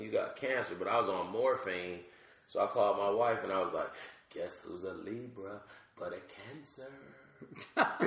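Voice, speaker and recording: Gravelly low-voiced man telling a story. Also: roomy sound. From Georgia, USA. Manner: animated, acts out voices with big pitch jumps. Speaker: comedian guest. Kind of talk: casual storytelling.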